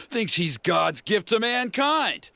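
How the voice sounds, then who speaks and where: Wry, bright tribal elder. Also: male voice, high voice, very animated, very slow, creaky, dry recording, exaggerated voice. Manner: wry, gossipy.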